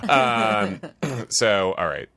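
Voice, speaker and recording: A man's voice: fairly low pitch, very slow, crowd noise. A man co-hosting a podcast in casual chat, joking and laughing often. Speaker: podcast co-host.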